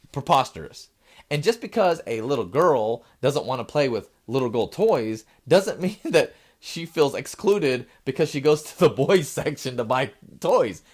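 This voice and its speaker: A middle-aged man hosting a satirical news show, acting out shoppers and clerks and sometimes fumbling and restarting his lines. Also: medium pitch. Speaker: host.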